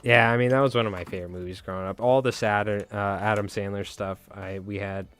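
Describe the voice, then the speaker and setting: A man's voice: lowish voice, fairly even intonation, fast talker, fairly bright tone, smooth, soft background music. A man hosting a casual fly-tying livestream, rambling and joking with some swearing.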